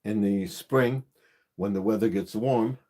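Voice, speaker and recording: A man with a fairly low voice talks slowly and unhurriedly on a live stream. He walks through a gadget step by step, repeating himself and pausing on fillers as he hosts his gardening channel. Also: warm tone, slight background noise. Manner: repetitive, hands-on explaining with many fillers. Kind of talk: casual live-stream demonstration.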